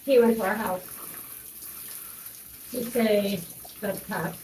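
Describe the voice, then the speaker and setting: A woman's voice: mid-range voice, slow pace, darkish tone, recorded from a distance, slight background noise. A young woman telling a personal story in a rambling way, with many fillers and restarts. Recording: echoey room, voice off-mic, faint running water.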